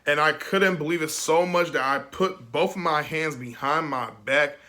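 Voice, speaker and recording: Young male reviewer, bright tone, loose chatty delivery with frequent laughs. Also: a little high, moderate pace. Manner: rambling and emotional, laughs often. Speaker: film reviewer. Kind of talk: casual video review.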